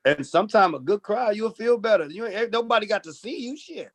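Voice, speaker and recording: A male comedian from Oakland talks in a casual podcast interview. His voice sits fairly high, and he tells stories in an animated, profane way, acting out other people's voices. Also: fairly quick, a little hiss or hum. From Oakland, California. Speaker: comedian guest.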